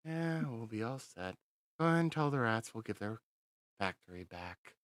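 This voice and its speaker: A man's voice: medium pitch, lively intonation, normal speed, dry recording, studio quality. A man narrating as game master in a tabletop game, laid-back and chatty.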